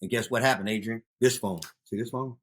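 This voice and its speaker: A husky, worn voice belongs to a man in his fifties, a youth outreach founder appearing as a guest in a casual interview. Speaking briskly at an ordinary middle pitch, he spins street stories and breaks into loud, animated bursts as he tells them.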